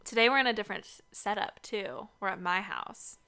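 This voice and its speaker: A young woman from the Seattle area co-hosts a casual podcast from a basement home studio, sounding upbeat and chatty. Her voice is medium in pitch, brisk, sharp and clean.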